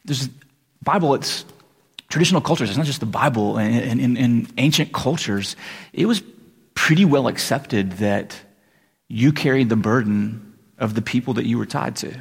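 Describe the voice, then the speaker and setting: Gravelly-voiced pastor preaching casually in a hall. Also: male voice, mid-range voice, normal speed. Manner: conversational, animated, acts out voices. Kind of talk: casual sermon. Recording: reverberant hall.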